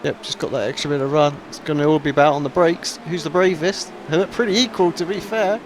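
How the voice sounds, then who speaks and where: A man giving relaxed, conversational analysis as a sim racing commentator. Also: fairly high pitch, fast talker, noisy background. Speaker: race commentator. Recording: race car engines loud behind.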